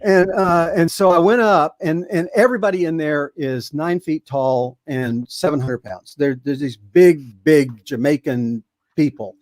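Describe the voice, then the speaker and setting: A man in his seventies, a podcast guest telling a long story in a rambling, halting way with many fillers. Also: on the high side, a little mellow, dry recording. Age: 70s. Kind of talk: casual storytelling.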